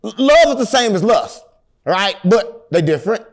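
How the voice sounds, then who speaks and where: High-voiced man telling rambling stories. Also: normal speed. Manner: animated, rambling, deadpan joking. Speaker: interview guest. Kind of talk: rambling storytelling in casual interview.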